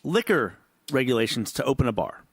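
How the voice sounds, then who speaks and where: A man's voice: mid-range voice, sing-song, fairly quick, husky, no echo, clean studio sound. A man co-hosting a podcast in casual chat, tipsy, rambling, profane and laughing often. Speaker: podcast co-host.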